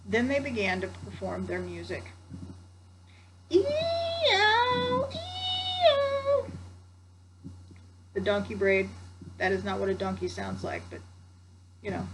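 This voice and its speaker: A woman's voice: mid-range voice, fairly even intonation, moderate pace, very noisy. Grandmother reading a storybook aloud. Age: older. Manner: warm chatty asides to the listener.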